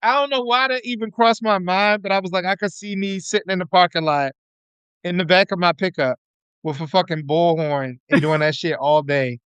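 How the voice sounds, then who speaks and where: A man's voice: high voice, moderate pace, fairly bright tone, smooth, no echo, dull audio. A man chatting as a podcast guest, telling loose, slangy, profane stories. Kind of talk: casual chat.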